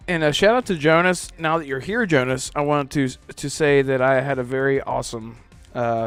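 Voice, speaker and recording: A man hosting a gaming podcast, chatting casually in a rambling way with many fillers. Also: mid-range voice. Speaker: podcast host. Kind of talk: casual chat.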